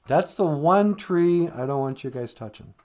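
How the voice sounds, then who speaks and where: A man's voice: on the high side, lively intonation, measured pace, darkish tone, pitched above the performer's own voice. A man voicing an easygoing, fatherly creator god who talks in a casual, friendly way in a comic story. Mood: breezy.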